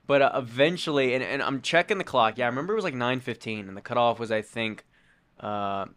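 A man co-hosting a casual podcast chat, telling a story in a relaxed, jokey way. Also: mid-range voice, quick pace. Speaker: co-host and race crew member.

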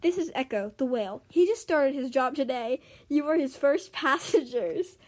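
A woman voicing a robotic virtual assistant aboard a plane, in slow, measured announcements. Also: high voice, animated. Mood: announcing.

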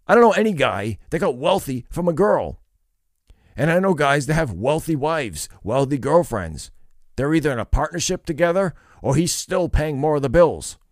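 A man's voice: medium pitch, dry recording. Opinionated male commentator, lecturing and scornful, very dry booth sound. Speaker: commentator reacting to street interviews.

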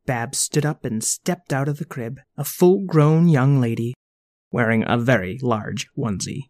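A performer narrating a children's story in a lively, storytelling manner. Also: mid-range voice, measured pace, no echo, clean studio sound.

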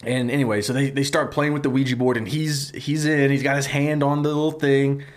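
Guy rambling through a movie pitch on a podcast, lots of ums, laughs a bunch, mid voice. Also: little pitch movement, brisk. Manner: rambling, laughing, many fillers. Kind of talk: casual chat.

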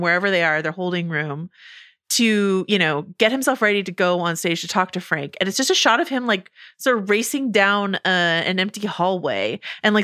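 A woman co-hosting a podcast, chatting casually with quick asides and laughs. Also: mid-range voice, pushed and bright, dry recording, clean studio sound. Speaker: podcast co-host. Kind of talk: casual chat about a TV episode.

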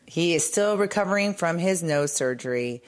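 A woman's voice: fairly low pitch, lively intonation, moderate pace. A middle-aged woman co-hosting a casual gossip chat, rambling with restarts and fillers. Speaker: show co-host.

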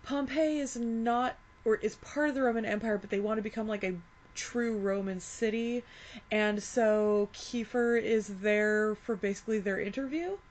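A woman's voice: a little high, moderate pace, a little mellow. Bubbly woman chatting about a movie. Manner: bubbly, laughs often, teasing. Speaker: podcast co-host. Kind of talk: casual movie chat.

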